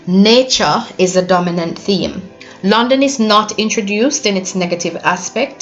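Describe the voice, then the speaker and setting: A woman giving a poetry analysis lesson, explaining in a measured way with occasional hesitations. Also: lowish voice, highs cut off. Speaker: teacher.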